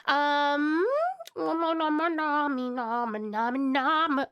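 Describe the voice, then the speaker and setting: A woman's voice: high-pitched, fairly even intonation, drawn-out words, lo-fi sound. An Australian woman from Tasmania chatting casually on a live stream, bubbly and greeting her chat with pet names.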